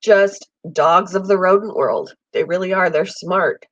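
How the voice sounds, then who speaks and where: A woman's voice: fairly low pitch, measured pace, no room sound, lo-fi sound. A woman with a cold hosting a casual pet chat at home, rambling with lots of ums and an occasional cough. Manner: rambling, friendly, many ums. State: has a summer cold, coughing. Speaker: pet channel host. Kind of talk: casual live chat with viewers. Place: home room with air conditioner.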